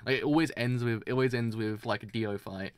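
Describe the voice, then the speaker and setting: A man's voice: mid-range voice, fairly even intonation, brisk, clean tone, no room sound. A man streaming a live manga reaction, reading along and exclaiming in disbelief.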